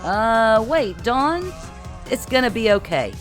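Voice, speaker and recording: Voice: medium pitch, big pitch swings, slow pace, fairly bright tone, faint music behind, pitched above the performer's own voice. An audiobook narrator voicing a flustered male suburban everyman in his forties, pleading and scrambling. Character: fortyish suburban everyman husband.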